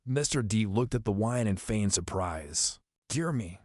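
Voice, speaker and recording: A man narrating an audiobook in a steady, even storytelling manner. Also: fairly low pitch, unhurried, no echo, clean studio sound. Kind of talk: audiobook reading.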